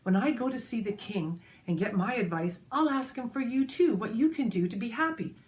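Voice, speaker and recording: A woman's voice: on the high side, animated, normal speed, darkish tone, a little hiss or hum, close to an everyday voice. Woman doing a silly little pig guy from a kids' tale, eager and flustered, kinda scatterbrained. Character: foolish poor little male pig.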